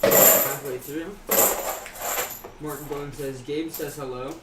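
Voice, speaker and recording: A man's voice: fairly high pitch, steady tone, takes it slowly. A young man co-hosting a livestream who chimes in briefly in a laid-back way. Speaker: co-host. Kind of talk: casual live-stream chat. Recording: echoey room, from far off, noisy.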